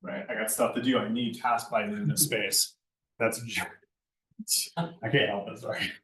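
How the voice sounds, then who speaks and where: A man's voice: on the low side, fairly even intonation, moderate pace, fairly bright tone. Lecturing man, echoey and far off. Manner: conversational, keeps asking "right?". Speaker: lighting design instructor. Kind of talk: classroom lecture. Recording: echoey room, far from mic.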